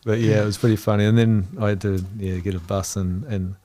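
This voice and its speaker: A man's voice: on the low side, flat delivery, brisk, warm tone, dry recording. A man with a New Zealand accent, a guest telling a rambling travel story in casual chat, laughing between phrases.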